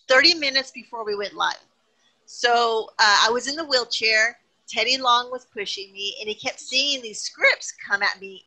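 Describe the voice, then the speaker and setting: A middle-aged woman, a retired wrestling personality, chatting as a guest in an interview and telling lively anecdotes. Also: on the high side, rough recording. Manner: animated, chatty, tells anecdotes with acted-out quotes. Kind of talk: casual interview storytelling.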